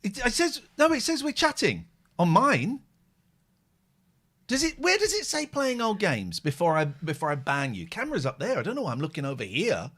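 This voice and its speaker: A man with a lively, swooping voice hosts a casual live stream. He rambles and jokes, reading viewers' messages aloud in a slightly high register. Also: normal speed. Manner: rambling, jokey, reads out chat messages. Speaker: host.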